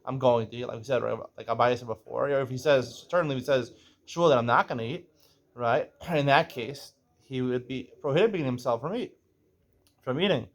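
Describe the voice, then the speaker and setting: A man teaching a page of Talmud. He reads the Aramaic, explains it in English, keeps asking "right?", clears his throat now and then, and sometimes corrects himself as he goes. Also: mid-range voice, a little fast.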